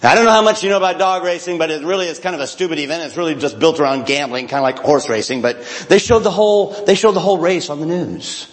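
A man's voice: on the high side, fast, hardly any pauses. A man telling a long humorous story to a live audience, speaking to the crowd directly and acting out little voices along the way. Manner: chatty and self-mocking, addresses the crowd directly, acts out voices.

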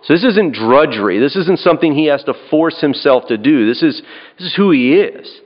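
A man's voice: fairly high pitch, animated, a little fast. A man preaching a sermon in an earnest way, often repeating and restarting his phrases and checking in with "right?". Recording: dull lo-fi recording.

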